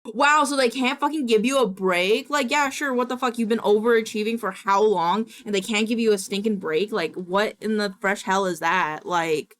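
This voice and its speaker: A young woman streaming from her home setup, her voice sitting at an everyday middle pitch. She talks casually to her chat, ranting with fired-up indignation and plenty of swearing. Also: expressive, moderate pace, few pauses, fairly bright tone.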